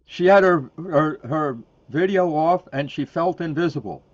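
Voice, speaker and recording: A man in a casual group video call, excitedly interjecting and swearing, heard over a dull lo-fi line. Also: a little high, unhurried, no echo. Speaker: seminar participant.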